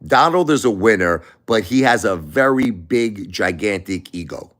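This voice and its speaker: A man's voice: lowish voice, expressive, normal speed, fairly bright tone. A middle-aged man hosting a livestream, talking bluntly and emphatically, often repeating himself. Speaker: livestream host. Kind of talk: casual opinion talk.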